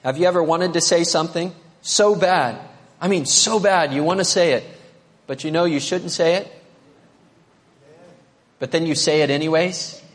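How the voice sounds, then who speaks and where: A man preaching a sermon as pastor, animated, swinging between emphatic high notes and quiet asides. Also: normal speed, pauses often. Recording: long reverb of a large hall.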